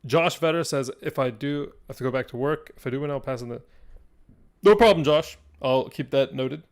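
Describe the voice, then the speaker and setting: A young man hosting a live stream as game master, swinging between hushed, suspenseful fantasy narration and excited chat with viewers. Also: medium pitch, moderate pace.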